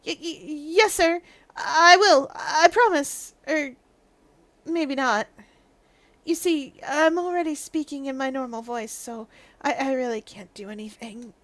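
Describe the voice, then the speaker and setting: A woman's voice: extremely high pitch, expressive, slow, long pauses, sharp tone, no echo, voice pushed up, heavily acted. A woman voicing a timid, guilt-ridden man who stammers nervously, reading game dialogue aloud.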